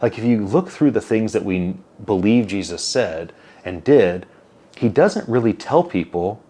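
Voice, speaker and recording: A man in his forties with a notably low voice speaks as an interview guest. He tells stories animatedly, acting out quoted lines and dropping casual tags as he goes. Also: measured pace. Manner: animated storyteller, acts out quotes, many "like" and "right?" tags. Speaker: interview guest, company CEO.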